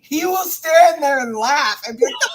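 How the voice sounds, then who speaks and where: A man's voice: very high-pitched, expressive, normal speed, noisy background. A man co-hosting a casual podcast, mockingly retelling a story with exasperated outbursts. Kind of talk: casual banter.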